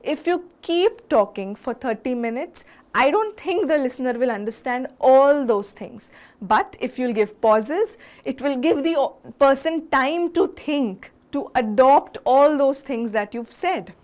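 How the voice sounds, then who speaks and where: A woman giving an earnest, instructive lesson on public speaking, asking her listeners rhetorical questions and changing her pace and loudness for emphasis. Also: high-pitched, expressive, measured pace. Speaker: speaking-skills teacher.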